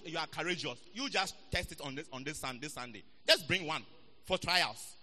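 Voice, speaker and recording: A man's voice: sits high, bright, forceful tone, in a large hall. A man preaching a sermon, playful and teasing, repeating words for emphasis. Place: church hall.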